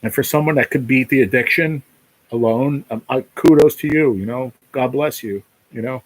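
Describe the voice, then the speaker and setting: A man's voice: mid-range voice, moderate pace, rough recording. A man hosting a casual live stream, talking in a rambling, emotional way, full of "you know", and close to tears. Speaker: livestream host.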